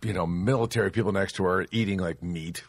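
A man's voice: deep voice, fairly quick, gravelly, dry recording. A man hosting a crude, casual podcast chat, rambling through movie scenes with lots of swearing. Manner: rambling retelling of movie scenes, profane, laughing. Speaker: podcast host.

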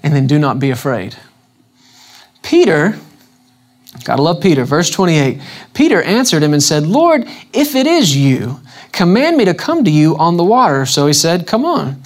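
With a fairly high, very animated voice at a moderate pace, a man preaches casually to a congregation during an evening church service. He keeps turning questions to the audience and dramatizes the scripture quotes with changing emphasis.

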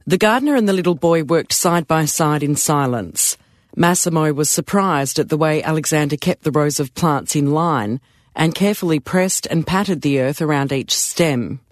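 Man, storybook narrator, calm, measured, fairly high voice, dry close recording. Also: no echo.

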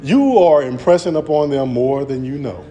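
A man's voice: mid-range voice, expressive, moderate pace, mellow, lo-fi sound. A man preaching an earnest sermon, often restarting his words as he presses his points. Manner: earnest, repetitive, stammering restarts.

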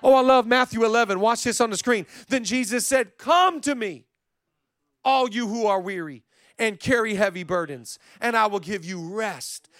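A preaching pastor with a high voice for a man, recorded dry with little room sound. He moves between hushed, intimate stretches and loud, emphatic calls to his listeners. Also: normal speed, no echo. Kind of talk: sermon. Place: church stage.

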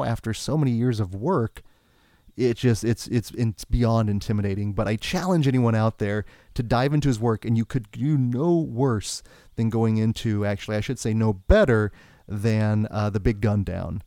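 A man's voice: on the low side, moderate pace, mellow, no echo, studio quality. A man co-hosting a podcast, talking casually and enthusiastically about music, rambling with frequent restarts. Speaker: podcast co-host.

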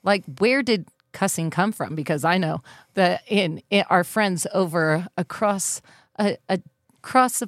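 A woman in her thirties with a fairly low voice co-hosts a faith podcast in a relaxed, chatty way. She tells family stories and laughs often. The recording is close and dry. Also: measured pace, dry recording. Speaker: podcast co-host. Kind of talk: casual chat.

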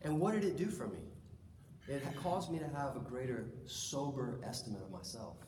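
A man preaching a sermon in a church, lively and conversational, acting out stories. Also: mid-range voice, moderate pace, noisy background. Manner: lively, conversational, acts out anecdotes. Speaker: pastor. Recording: echoey hall, distant mic, faint ambience.

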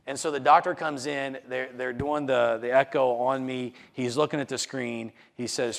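A man's voice: mid-range voice, fairly even intonation, moderate pace, vocal fry, hardly any pauses. A man, likely a pastor, earnestly retelling a personal testimony, often repeating words and restarting sentences. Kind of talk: personal testimony told to a congregation.

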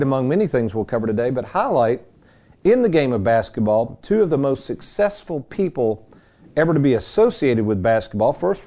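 A man's voice: mid-range voice, darkish tone. A man hosting a radio talk show on retirement money, talking in a folksy, joking, rambling way with plenty of fillers into a studio microphone. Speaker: radio host and retirement planner.

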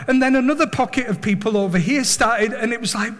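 A man preaching with animated earnestness, often repeating words as he builds his point. His voice is high for a man. Long reverb fills a large hall around him. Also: normal speed, hardly any pauses. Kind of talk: sermon with storytelling.

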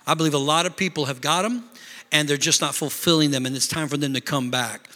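High, bright-voiced man preaching in a hall. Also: fast. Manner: preaching with bursts of shouting and mimicked complaining voices. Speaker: pastor. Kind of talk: sermon. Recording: long reverb of a large hall.

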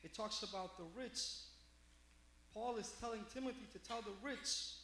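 A man's voice: sits high, normal speed, a little hiss or hum. A man pastor giving a sermon, telling a personal story with lots of fillers and restarts. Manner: animated storytelling with many fillers.

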